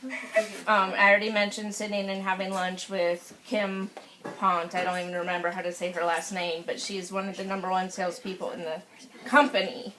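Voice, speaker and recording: A woman's voice: medium pitch, little pitch movement, normal speed, bright, forceful tone. A woman, a sales consultant, talking casually and emotionally to her group, searching for words as she gushes. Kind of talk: casual group sharing at a meeting. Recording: noisy room recording.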